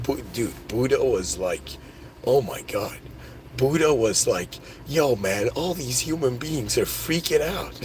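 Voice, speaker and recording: On his own podcast, a man with a mid-range voice rambles excitedly through spiritual ideas in a casual monologue peppered with "dude" and "like." There's slight background noise on the recording.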